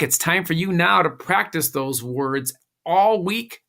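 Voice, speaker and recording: A man teaching a recorded classroom phonics lesson, giving slow, patient instructions with a few "uh"s. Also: fairly high pitch, animated, vocal fry, sharp tone.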